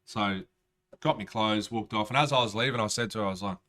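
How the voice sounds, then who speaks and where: A man's voice: fairly low pitch, fast, sharp tone. A man, a rapper telling a rambling, profane story in casual storytelling style. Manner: profane, rambling, streetwise slang.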